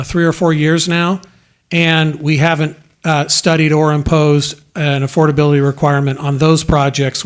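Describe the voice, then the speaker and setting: A man as city legal counsel, giving careful, precise legal advice at a council meeting. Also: a little high. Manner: measured, precise, careful hedging. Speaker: city attorney.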